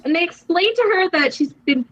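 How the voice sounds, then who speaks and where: A woman's voice: very high voice, a little fast. A young woman co-hosting a podcast, casually recapping a TV episode and acting out the characters' lines. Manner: animated retelling, acts out characters' lines. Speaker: podcast co-host. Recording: dull lo-fi sound.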